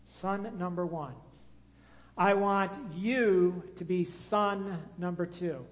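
Slow, high-voiced preacher in a reverberant hall. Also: male voice. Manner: engaging the congregation, leading call-and-response. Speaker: pastor. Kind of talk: sermon.

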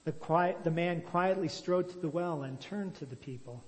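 A male storyteller reads a moral tale in a measured, expressive way and then explains it as a religious teacher. His voice sits a little high, with a long echo from a large hall.

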